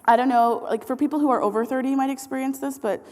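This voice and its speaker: Animated high woman telling a story in a hall. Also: fast talker. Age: 30s. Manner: animated, acts out quotes, laughs often. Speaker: speaker. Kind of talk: storytelling talk. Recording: hall reverb.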